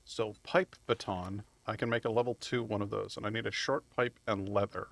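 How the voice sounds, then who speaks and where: A man streaming a video game live, chatting casually and rambling as he plays, swearing freely and laughing loudly at chat. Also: on the low side, fairly even intonation, brisk, vocal fry, no echo. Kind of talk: live gameplay commentary.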